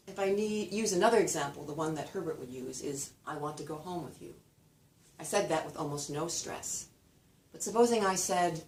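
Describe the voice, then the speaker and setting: A woman teaching a class, often acting out example phrases with exaggerated sing-song melodies. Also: moderate pace. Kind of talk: lecture with spoken demonstrations. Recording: roomy echo, distant mic, faint rumble.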